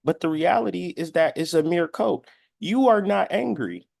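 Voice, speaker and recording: A spiritual astrology commentator in his thirties speaks at normal speed in a high-pitched, slightly mellow voice with vocal fry. His lecture is a blunt, profane, preachy monologue in which he sometimes performs quoted voices. The audio is clean studio sound with no room sound.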